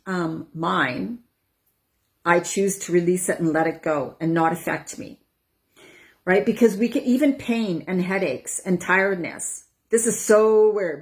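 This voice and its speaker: Woman, over forty, wellness coach, casual talk to camera, chatty, breathy sighs, middle pitch. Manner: chatty, breathy sighs, acts out inner voices.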